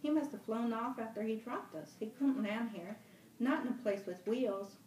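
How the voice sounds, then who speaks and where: A woman's voice: fairly high pitch, normal speed, a little mellow, pitched above the performer's own voice, lightly acted. A woman voicing a casual, offhand fair-haired boy, reading aloud from a novel. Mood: assured. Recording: roomy room, mic at a distance.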